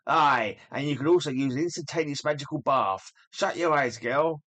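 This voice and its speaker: A man's voice: on the high side, normal speed, a bit bright. A man voicing a mischievous male imp acting as fairy godmother while reading a comic aloud, with grand, old-fashioned, theatrical speech. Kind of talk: comic book read aloud.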